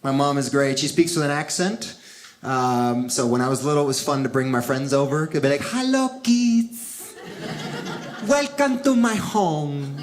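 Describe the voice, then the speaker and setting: A man's voice: mid-range voice, fairly even intonation, brisk. A man doing stand-up comedy, telling family stories. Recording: noisy club recording.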